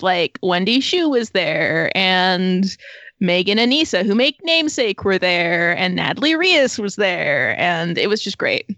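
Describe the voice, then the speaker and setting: A woman's voice: lowish voice, a bit bright, no room sound. A woman in casual podcast chat, enthusiastic and rambling, full of "like" and "um.". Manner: enthusiastic, rambling with many likes.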